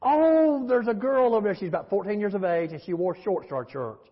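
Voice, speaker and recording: Man doing indignant older church lady, huffy scolding, high husky voice, echoey hall. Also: expressive, quick pace, muffled recording. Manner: huffy, fussing complaint.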